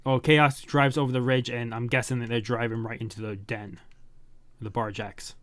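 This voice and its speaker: A man's voice: medium pitch, level tone, moderate pace, a bit bright, no echo. A man hosting a manga reaction, reading panels aloud and muttering running commentary.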